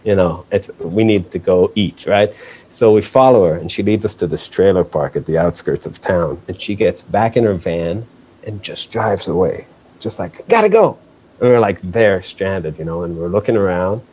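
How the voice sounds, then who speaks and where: Mellow-voiced man telling road stories. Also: deep voice, moderate pace, breathy edge. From Israel. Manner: animated, swearing, acts out quoted voices. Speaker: guest musician. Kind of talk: casual storytelling.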